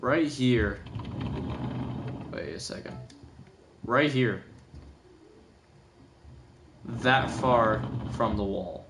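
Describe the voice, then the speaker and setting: A man's voice: medium pitch, drawn-out words, pauses often, background noise. A young man talking casually over a replay of his own race, rambling and correcting himself, sleepy and yawning. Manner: rambling, filler-heavy, self-correcting. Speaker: gaming video commentator. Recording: gameplay music behind.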